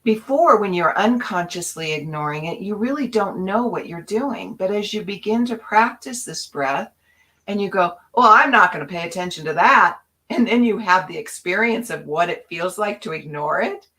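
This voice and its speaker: A woman co-hosting a spiritual talk show, speaking in an inspirational, animated storytelling way. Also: medium pitch, normal speed, rough recording. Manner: animated storyteller acting out her own past voices.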